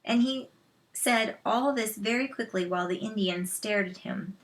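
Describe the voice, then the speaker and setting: A woman reading a children's novel aloud, slow and measured, with soft asides to listeners. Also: mid-range voice. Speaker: storyteller.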